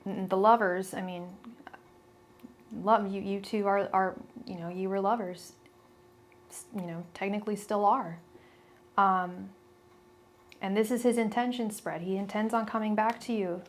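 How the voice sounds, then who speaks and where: A woman's voice: medium pitch, fairly even intonation, unhurried, long pauses. Chatty young woman reading tarot. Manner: chatty, blunt, many restarts and fillers. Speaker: tarot reader. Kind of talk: live-stream tarot reading.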